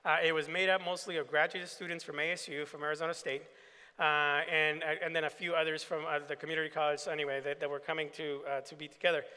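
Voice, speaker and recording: A pastor gives a keynote address, telling stories and slipping into the voices of the people in them. His voice sits a little high and comes across bright and forceful. The sound rings out with the long reverb of a large hall. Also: little pitch movement, fast talker, smooth. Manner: anecdotal, acts out quoted dialogue. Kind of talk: keynote storytelling to an assembly.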